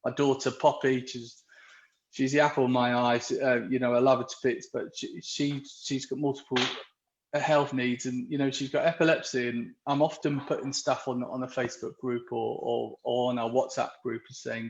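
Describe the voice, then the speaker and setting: A man's voice: medium pitch, level tone, moderate pace, creaky. A man being interviewed live online, talking earnestly and rambling, with lots of restarts. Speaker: interviewee, dads' group organiser. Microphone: video call. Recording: roomy, dull lo-fi video call audio.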